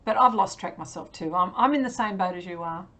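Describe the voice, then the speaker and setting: A woman's voice: fairly low pitch, brisk, a bit bright. An Australian woman chatting casually on a livestream as she paints, answering viewers with many ums and frequent laughs. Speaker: livestream artist.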